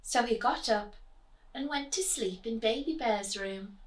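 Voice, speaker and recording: A woman's voice: fairly high pitch, unhurried. A woman reading a picture book aloud to children. She asks questions as she goes and often drops into whispers. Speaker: children's storyteller. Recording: echoey room, distant mic.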